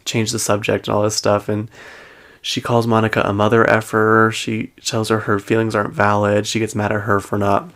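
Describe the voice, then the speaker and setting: Low, gravelly-voiced man recapping gossip. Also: completely flat delivery, normal speed, fairly bright tone. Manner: chatty, heavy use of "like" and "um"; laughs between sentences. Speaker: pop culture show host.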